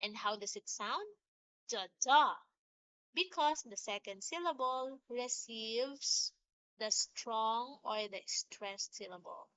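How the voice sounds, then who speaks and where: A woman teacher walks through a poetry lesson at an unhurried pace, tapping out rhythms as she explains. Her voice is bright and a little high. The sound is dry and somewhat muffled, with a lo-fi edge. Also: no echo. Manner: slow, patient explaining with sung-out rhythm examples. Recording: dull lo-fi sound.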